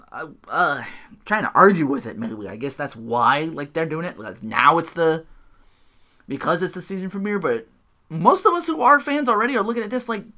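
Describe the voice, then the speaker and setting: Solo podcaster ranting through a recap: lively pitch, bright edge, swears freely, self-mocking. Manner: profane, ranting, quick asides; self-deprecating, laughs at own jokes. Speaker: podcast host.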